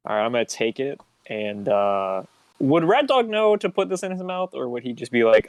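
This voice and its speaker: A man playing a tabletop game in a casual, deadpan, joking way. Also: mid-range voice, moderate pace, clean tone, no echo. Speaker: player.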